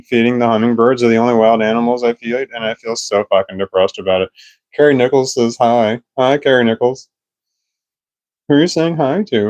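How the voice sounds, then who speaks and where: The speaker is a middle-aged man vlogging from home, his mid-range voice a little mellow, recorded on a phone camera with a small add-on mic. He rambles and swears and loses track of what he's saying, all on a rough recording.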